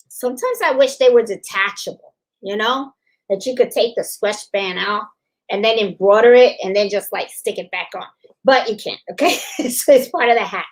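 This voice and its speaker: High-voiced chatty woman crafting host. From Puerto Rico. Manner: chatty, repeats "okay?" to check in with viewers. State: slightly hoarse. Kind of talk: casual live demonstration.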